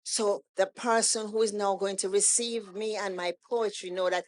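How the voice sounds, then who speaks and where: A woman guest on a podcast, telling a story in a casual, animated way and acting out the lines of the people in it. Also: medium pitch, moderate pace. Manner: animated storytelling, acts out quoted dialogue. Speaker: guest poet.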